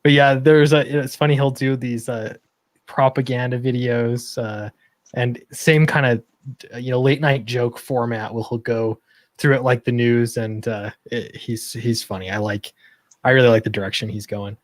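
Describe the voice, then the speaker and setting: A man's voice: medium pitch, fairly even intonation, normal speed, no room sound. A man hosting a casual late-night stream, easygoing and agreeable. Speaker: stream host.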